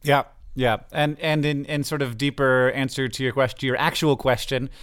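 A man with a smooth, resonant voice muses aloud on a casual talk show. He is hesitant and reflective, filling his pauses with "like". The sound is dry and close. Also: mid-range voice, flat delivery, fairly bright tone, no echo. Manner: hesitant, reflective, many filler words. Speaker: podcast co-host. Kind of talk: casual chat.

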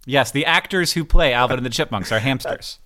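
A middle-aged man co-hosting a podcast, joking deadpan in casual banter and rambling with many restarts while answering listener questions. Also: mid-range voice, fairly quick. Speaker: podcast co-host.

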